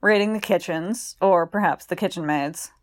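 A woman voicing a wry, teasing, relaxed man from Yorkshire in a read-aloud story, in a dry way. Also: on the low side, moderate pace, no echo, natural voice.

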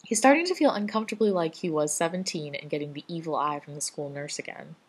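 A woman reading a fan-written story aloud in a dry, even storytelling manner. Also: sits low, fast talker, breathy edge. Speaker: fan fiction reader.

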